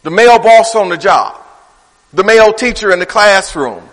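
A man preaching a sermon in a conversational style, swinging from loud, high bursts to low, quiet asides. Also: lively intonation, moderate pace. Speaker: pastor. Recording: reverberant hall.

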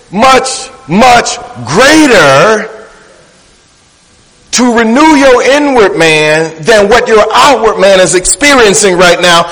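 Male pastor, high voice, rhythmic preacherly sermon with playful asides; long church reverb. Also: a bit bright.

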